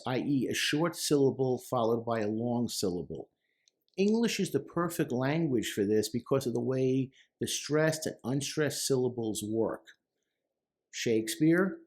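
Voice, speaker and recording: A middle-aged man talks earnestly as a therapist, breaking down lyrics line by line. His voice sits at a middle pitch, and he leans into quoted lines with rising emphasis. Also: a little mellow. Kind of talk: explanatory talk to camera.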